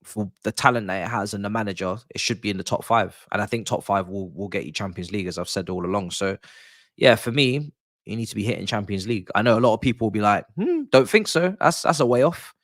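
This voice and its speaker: A man's voice: fairly low pitch, fairly even intonation, fast, fairly bright tone, no echo, studio quality. A man giving his views as a football pundit in casual podcast chat, confident and emphatic, often repeating his points.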